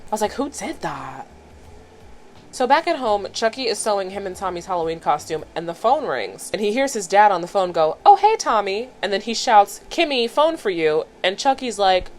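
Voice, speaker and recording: Chatty woman vlogger recapping a cartoon. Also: fairly low pitch. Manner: chatty, animated, playful commentary.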